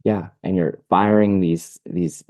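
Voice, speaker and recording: Man, dog trainer guest, low voice, mellow tone, enthusiastic casual talk. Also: takes it slowly, no room sound. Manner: enthusiastic, animated storytelling with laughs. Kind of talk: casual conversational interview.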